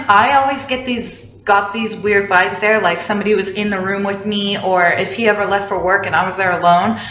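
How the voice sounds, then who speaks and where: A woman's voice: mid-range voice, a bit bright, a little hiss or hum. A young woman telling a personal story casually, chatty and full of "like" fillers. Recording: roomy, slightly dull recording.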